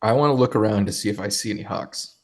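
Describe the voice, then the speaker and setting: A man's voice: on the low side, quick pace. Easygoing man playing a tabletop game. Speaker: player. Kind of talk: casual play at a tabletop game.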